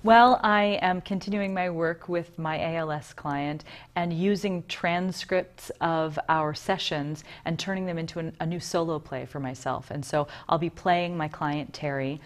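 A woman's voice: low voice, steady tone, measured pace. A woman voice coach giving detailed, explanatory answers in an interview.

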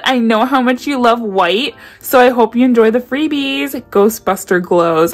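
A young woman chatting excitedly to her viewers while unboxing, gasping and gushing as she talks. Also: on the high side, moderate pace, few pauses, a little hiss or hum. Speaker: nail vlogger doing an unboxing. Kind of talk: excited casual unboxing chat.

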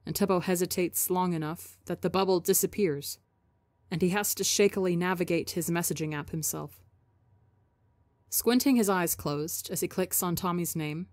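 A woman narrating a story in a steady scripted storytelling manner for a podcast. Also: on the low side, normal speed, no room sound.

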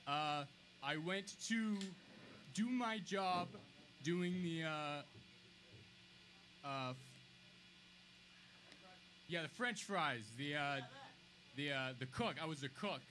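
A man playing a sheepish recovering male vampire in a comedy sketch, halting and fumbling for words. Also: fairly high pitch, pushed and bright, slight background noise.

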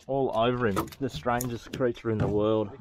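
A man's voice: medium pitch, fairly even intonation, moderate pace. An Australian man vlogging while fishing on a boat, exclaiming and joking in playful slang. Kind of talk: excited fishing banter. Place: outdoors on a boat at sea. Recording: noisy outdoor boat audio.

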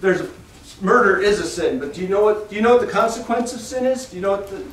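A man teaching a children's Sunday school class, telling a Bible story slowly and with animation and asking the children questions. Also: high voice. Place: church classroom. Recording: echoey room, distant mic, faint noise.

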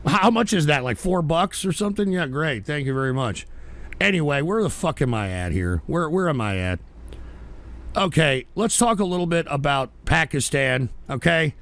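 Cussing streamer guy, voice jumps all over the place, yells at chat. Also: fairly high pitch, lively intonation, moderate pace. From Texas. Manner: profane, combative, shouts at chat. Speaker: livestream host. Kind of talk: profane livestream rant reading chat.

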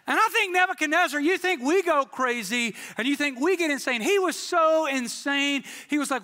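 A man preaching a sermon as pastor, telling stories in an animated, joking way with playful quoted voices, in a church sanctuary. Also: very high voice, normal speed, few pauses, long reverb tail.

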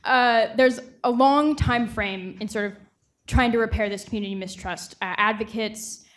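A woman's voice: fairly high pitch, normal speed. Young woman presenter, earnest and reflective, speaks with many fillers. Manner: earnest, thoughtful, frequent "um" and "uh" fillers. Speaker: student reporting fellow presenting her project. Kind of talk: conference presentation.

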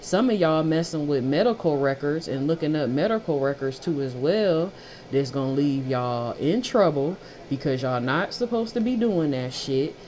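A woman's voice: deep voice, lively intonation, moderate pace, darkish tone, a little hiss or hum. A woman giving a casual tarot reading who talks bluntly, swears freely and repeats phrases for emphasis. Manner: blunt, profane and fired up. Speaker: tarot reader.

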